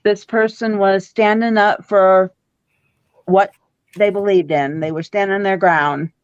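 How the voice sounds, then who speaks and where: Slow-talking woman reading tarot. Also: medium pitch, steady tone, smooth, dry recording, muffled recording. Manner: rambling, repeats words, quotes people in little voices. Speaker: tarot reader co-host. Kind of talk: casual chat reading tarot cards.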